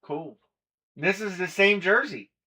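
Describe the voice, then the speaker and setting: A man's voice: sits high, a little slow, bright, forceful tone, slightly rough. A man hosting a live collectibles stream, chatting casually and running through a list of players and teams. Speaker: stream host. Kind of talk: live breaking stream chat.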